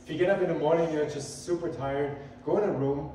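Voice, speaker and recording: A man preaches quickly in a fairly high, mellow voice, earnest and conversational, growing more emphatic as he quotes scripture. The recording, made in a church sanctuary, is echoey and distant with slight background noise.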